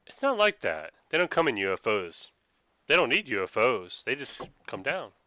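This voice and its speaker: A man voicing a suspicious, tipsy old rural farm woman who rambles in a folksy, gruff way about meddlers. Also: medium pitch, sing-song, normal speed, pushed and bright, no room sound, voice pushed up. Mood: ominous. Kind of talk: tabletop role-play voice.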